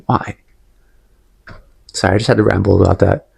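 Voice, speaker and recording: A man's voice: deep voice, steady tone, normal speed, gravelly, husky. A young man giving a casual, rambling opinion rant about fighters, emphatic and repetitive, often restating his point. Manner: rambling, emphatic, repeats himself, sips tea while talking. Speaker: MMA commentary vlogger.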